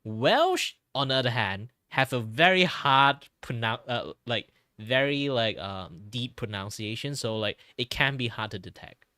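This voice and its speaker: A man's voice: medium pitch, expressive, a little slow, few pauses, pushed and bright, no echo, clean studio sound. A young man from Malaysia chatting casually on a stream, rambling with lots of "like" and repeated words. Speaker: streamer, artist.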